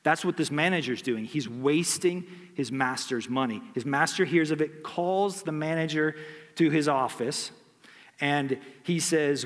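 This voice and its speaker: Preacher in a reverberant hall. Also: male voice, fairly high pitch, a little slow. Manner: storytelling with rhetorical questions. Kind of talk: sermon.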